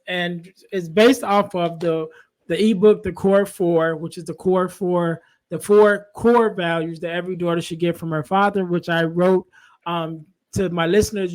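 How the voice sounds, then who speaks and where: A man hosting a podcast, asking long, conversational questions of his guest. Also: sits high. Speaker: podcast host. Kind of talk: casual interview.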